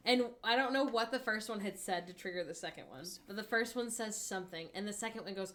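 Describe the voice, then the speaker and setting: A woman's voice: medium pitch, fast, few pauses, a bit bright. A woman co-hosting a casual stream, telling anecdotes with dry humour. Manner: chatty anecdote-teller, dry jokes. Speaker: co-host.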